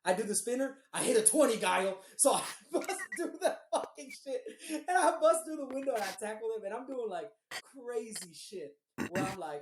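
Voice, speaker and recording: Animated, swearing woman in an echoey room. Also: on the high side, moderate pace, background noise. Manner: animated, swears freely, acts out quoted dialogue. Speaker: podcast co-host. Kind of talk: casual storytelling chat.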